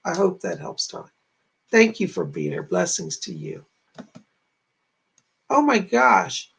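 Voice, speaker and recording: A man gives psychic medium readings on a livestream from home to camera, in a high, gravelly, slightly bright voice that is animated but slow. Chatty, earnest, and reassuring, he keeps relaying messages with "she said," over poor audio.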